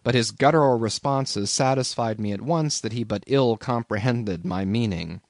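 A man reading a classic novel aloud as an audiobook narrator, in an expressive storytelling manner. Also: medium pitch, moderate pace, no echo, clean studio sound.

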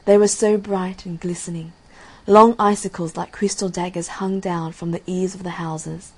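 Female storyteller for a fairy tale; breathy tone, lowish pitch, calm and measured. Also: rough recording. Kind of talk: storybook reading.

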